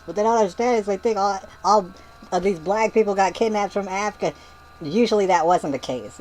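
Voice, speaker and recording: A man's voice: high voice, darkish tone, a little hiss or hum, rough recording. A man vlogging, reading out a comment and rebutting it line by line in a sarcastic, nitpicking way, with many restarts.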